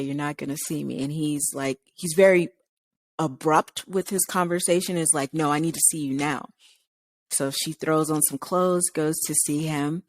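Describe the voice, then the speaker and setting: A woman's voice: low-pitched, no echo. A woman co-hosting a radio talk show, telling a long story casually and acting out the people's lines as she goes. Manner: animated retelling, acting out quoted lines. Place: radio studio.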